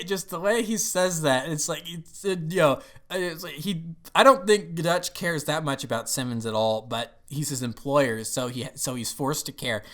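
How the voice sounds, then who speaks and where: A man's voice: fairly high pitch, a bit bright. A young man giving casual, rambling commentary on a movie, often laughing and acting out lines.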